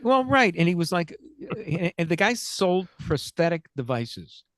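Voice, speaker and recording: A man with a fairly high voice tells a long anecdote. He stops and restarts, stumbles over words and laughs at his own punchlines. The recording is close and dry. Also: big pitch swings, measured pace, no echo. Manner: rambling, self-interrupting, laughs through punchlines. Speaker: podcast host. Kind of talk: casual storytelling chat.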